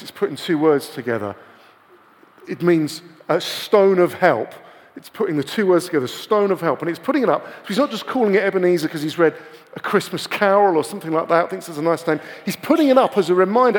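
A man preaching a sermon to his church in a relaxed, conversational way, often putting rhetorical questions to the congregation. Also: high voice, big-room sound.

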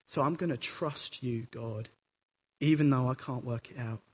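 A preacher voicing an aged patriarch who speaks quietly and with calm resolve. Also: male voice, mid-range voice, normal speed, husky, voice pushed down, natural voice. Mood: quietly resolved. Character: steady, trusting aged male patriarch. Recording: echoey hall reverb.

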